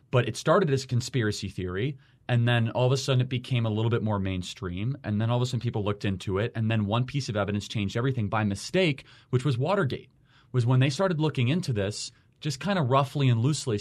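A male host talks quickly in a studio, rattling through an example with brisk momentum. His pitch is ordinary for a man, and he often tags his points with a quick "right?". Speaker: show host. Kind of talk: studio conversation. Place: radio studio.

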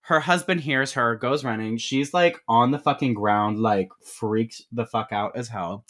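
A man in his twenties casually recapping a movie on a podcast, swearing freely and acting out the characters' lines in quick put-on voices. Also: medium pitch, fairly bright tone. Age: 20s. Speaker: podcast co-host.

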